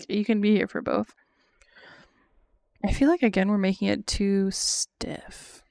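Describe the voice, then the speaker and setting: A woman's voice: medium pitch, vocal fry, a little mellow, dry recording, clean studio sound. A young woman art streamer chatting casually while she draws, thinking aloud with lots of fillers and little laughs.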